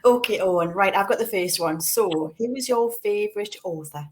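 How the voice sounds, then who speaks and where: A woman co-hosting a podcast, bubbly and quick to laugh out loud. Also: mid-range voice. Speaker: podcast co-host. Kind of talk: casual podcast chat.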